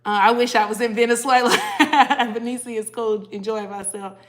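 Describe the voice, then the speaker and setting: A woman's voice: a little high, steady tone, normal speed, fairly bright tone. A tired woman chatting casually on a livestream, greeting viewers by name and reading their comments aloud. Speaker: cruise vlogger hosting a livestream.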